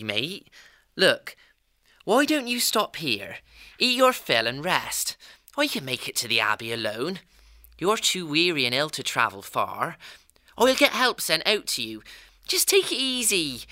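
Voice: mid-range voice, sing-song, a little slow, bright, forceful tone, dry recording, studio quality. A performer voicing a cheeky young male hedgehog thief who talks in a slangy, chirpy way and calls others mate, in a full-cast audiobook. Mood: caring.

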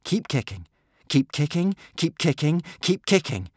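A man voicing an anxious young Viking boy who tries to sound calm. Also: a little high, a little slow, breathy edge, dry recording, clean studio sound, voice pushed up, heavily acted. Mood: urgent.

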